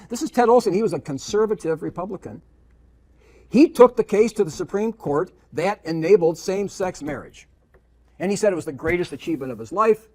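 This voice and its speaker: A man with a slightly high-pitched voice preaches in an emphatic lecture style. He throws out rhetorical questions and hammers home points by repeating them. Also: a little mellow. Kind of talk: preaching lecture with read-aloud quotations.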